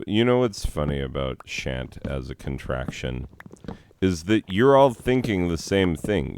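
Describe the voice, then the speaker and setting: Very deep-voiced slow-talking man. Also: slight background noise. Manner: jokey, sarcastic, rambling asides. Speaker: host. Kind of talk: casual rambling vlog commentary. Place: outdoors in a forest.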